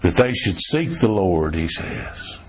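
Husky folksy preacher man. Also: big pitch swings, slow pace. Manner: folksy storytelling preaching, swinging from emphatic highs to low quiet lines. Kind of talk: sermon.

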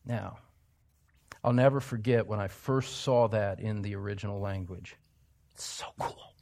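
A male pastor preaching an expository sermon in a church, emphatic, dropping to hushed asides and rising to loud exclamations. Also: lowish voice, steady tone, unhurried, vocal fry.

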